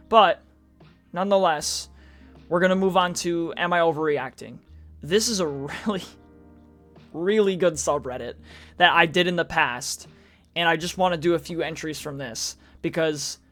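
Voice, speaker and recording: A man's voice: a little high, a bit bright. A man streaming casual reddit reaction commentary, chatty with sarcastic asides, reading posts aloud in a mocking tone.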